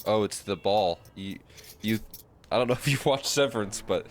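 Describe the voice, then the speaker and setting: A man giving laid-back, measured color commentary on a live esports match. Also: fairly low pitch, soft background music.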